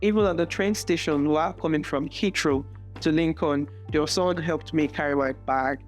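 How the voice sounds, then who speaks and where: A Nigerian woman, a student teacher, telling stories in a relaxed interview and often restarting or repeating words. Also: deep voice, brisk, soft background music. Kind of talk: casual interview storytelling.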